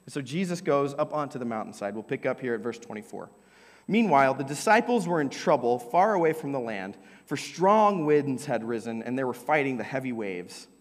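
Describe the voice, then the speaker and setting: A young adult man preaching a sermon into a microphone, telling the story with lively energy and sometimes dropping to a whisper. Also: medium pitch, a little fast. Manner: animated storytelling preacher, drops to a whisper for emphasis. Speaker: pastor. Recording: long hall reverb.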